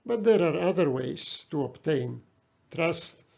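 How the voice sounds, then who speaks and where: A man giving an academic lecture as a professor, measured and deliberate, pausing between phrases. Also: on the high side, lively intonation, vocal fry, warm tone, lo-fi sound. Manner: slow, measured lecturing with pauses.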